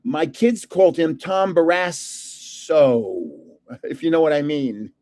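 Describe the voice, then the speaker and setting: A man's voice: on the high side, big pitch swings, slow pace, darkish tone. An older man, a card channel host, tells rambling celebrity stories in casual chat and laughs often. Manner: chuckling, rambling anecdotes.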